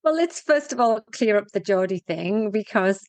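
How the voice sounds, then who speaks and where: A woman's voice: mid-range voice, lively intonation, moderate pace, a little mellow, no room sound. A middle-aged woman from Teesside with a blurred northern English accent, telling her story as a podcast guest in a chatty, blunt, self-mocking way. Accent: mixed northern English, Teesside. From Teesside, England. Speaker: guest, fitness and women's health expert. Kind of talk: casual interview chat.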